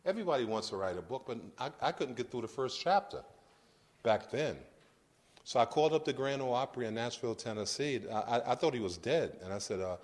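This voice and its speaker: A man in his fifties from Brooklyn, New York, tells a story at a lecture in an even, mid-range voice. He acts out the scenes and turns often to the audience with direct questions. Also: medium pitch, a little fast. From Brooklyn, New York, United States. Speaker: guest lecturer.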